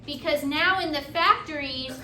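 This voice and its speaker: A woman's voice: high voice, normal speed, pushed and bright, a little hiss or hum. A woman teaching a class, lecturing and often checking in with her students. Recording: echoey classroom from far off.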